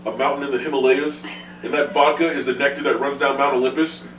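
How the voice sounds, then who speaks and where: A man's voice: medium pitch, quick pace. A man telling jokes in a casual chat, laughing often as he talks. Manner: joking, laughs often, lively. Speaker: comedian guest. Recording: echoey room, distant mic, noisy.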